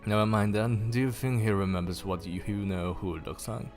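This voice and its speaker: A man reading aloud and voicing a cheeky, excited young male twin wizard in a storybook. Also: on the low side, normal speed, soft background music, lightly acted. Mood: teasing.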